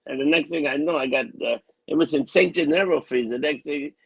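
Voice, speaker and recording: A man's voice: a little high, brisk, creaky, breathy edge, no room sound, poor audio. A man co-hosting a podcast, venting bluntly and with lots of swearing in casual chat. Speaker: podcast co-host.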